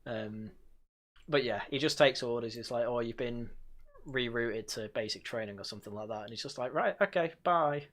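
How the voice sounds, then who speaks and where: A man hosts a casual review stream, chatting sardonically with plenty of fillers and sighs and mocking things by quoting them. His medium-pitched voice is steady and fairly bright, at normal speed.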